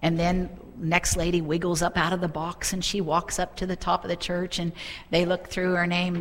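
A middle-aged woman preaching a sermon, telling a story with fervent, animated delivery. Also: on the low side, normal speed, big-room sound, a little hiss or hum.

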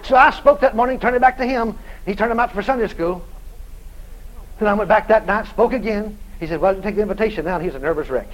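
A man's voice: high voice, brisk, low-quality recording. A man preaching, telling a folksy story with chuckles. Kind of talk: storytelling sermon.

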